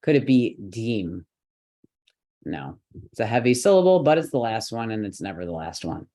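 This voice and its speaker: A man's voice: on the low side, big pitch swings, moderate pace, dark tone. Patient man teaching step by step. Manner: patient, step-by-step explaining, with light laughs. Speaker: yoga and mantra teacher. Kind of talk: online lesson.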